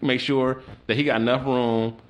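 A man's voice: mid-range voice, flat delivery, normal speed. A man co-hosting a podcast, chatting casually with frequent restarts, swearing and laughter. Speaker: podcast co-host. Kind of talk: casual chat.

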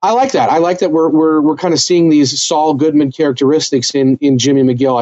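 A man co-hosts a casual TV recap podcast, working through things in a thoughtful, analytical way. His mid-range voice has a darkish tone, and the sound is lo-fi.

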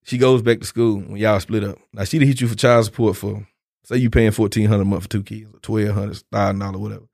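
A man's voice: lowish voice, level tone, fast, creaky, a little mellow, dry recording, studio quality. Blunt joking man. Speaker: podcast co-host. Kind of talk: casual chat.

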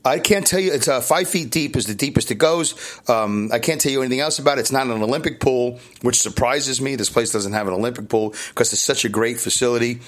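A man with a Brooklyn accent talks into his podcast mic from a hotel room, in a rambling, chatty way. He jokes at his own expense and keeps restarting his sentences. His voice sits at a middling pitch. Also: quick pace. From New York. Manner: rambling, self-deprecating, chatty with frequent restarts. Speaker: podcast host. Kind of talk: casual solo podcast monologue.

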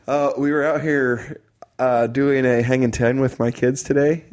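A man's voice: mid-range voice, flat delivery, unhurried, a little mellow. A man in his thirties co-hosting a podcast, telling rambling stories in casual chat and laughing as he talks. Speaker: podcast co-host.

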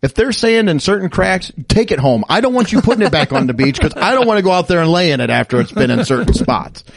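A man's voice: high-pitched, big pitch swings, fast talker, gravelly, noisy background. A man hosting a casual podcast chat, reading out strange laws and laughing often as he explains them. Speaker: podcast host.

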